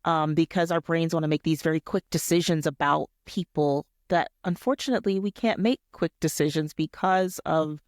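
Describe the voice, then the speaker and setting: A woman co-hosting a podcast interview, explaining her point in a measured way. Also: sits low, a little mellow, dry recording, clean studio sound. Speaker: podcast co-host. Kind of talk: conversational interview.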